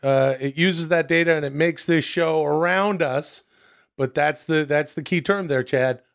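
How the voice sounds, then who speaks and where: A man's voice: on the high side, a little slow, vocal fry, clean tone. A man co-hosting a podcast, joking, swearing and bantering casually. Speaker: podcast co-host. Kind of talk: casual chat.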